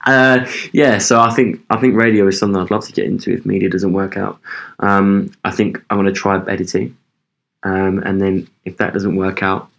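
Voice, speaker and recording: Deep-voiced young Englishman chatting loosely. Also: level tone, moderate pace, gravelly, fairly bright tone. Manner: rambling, swears a lot, frequent ums. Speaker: podcast co-host. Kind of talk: casual chat.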